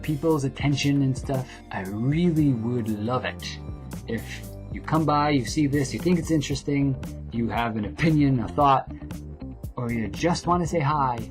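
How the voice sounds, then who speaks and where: Young adult male vlogger, mid-pitched, rambling storyteller over background music. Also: normal speed. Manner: quiet, low reading of the poem, dropping to a whisper at line ends. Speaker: vlogger and poet. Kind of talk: poem reading then casual storytelling vlog. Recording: music playing behind the voice.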